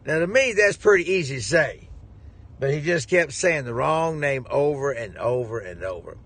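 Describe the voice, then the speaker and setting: Jovial husky preacher. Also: male voice, medium pitch, animated, normal speed, fairly bright tone. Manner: jovial, chuckling, rambling. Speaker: preacher and ministry head. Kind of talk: casual storytelling to viewers.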